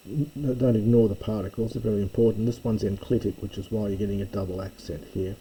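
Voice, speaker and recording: A man's voice: fairly low pitch, level tone, mellow, breathy edge, low-quality recording. A man teaching a verse-by-verse Greek lesson, carefully explaining words and often correcting himself as he goes. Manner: slow, careful, with frequent self-corrections and fillers. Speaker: Greek New Testament teacher.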